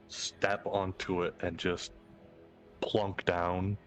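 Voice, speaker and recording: Man, very deep voice, calm, matter-of-fact, faint music behind. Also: extremely slow. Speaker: player. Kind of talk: in-character tabletop role-play.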